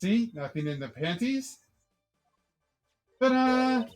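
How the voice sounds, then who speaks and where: A streamer putting on a bubbly teenage girl magician, pitched up high and full of teasing sing-song. She is playful and pleased with her own tricks, and faint music runs behind her. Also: very animated, slow pace. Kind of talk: voicing game dialogue on a live stream.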